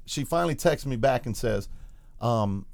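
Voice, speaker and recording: A man's voice: medium pitch, normal speed, creaky, no echo. A man hosting a podcast, telling a story in casual chat and acting out the quotes as he goes. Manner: animated storyteller, acts out quotes. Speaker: podcast host.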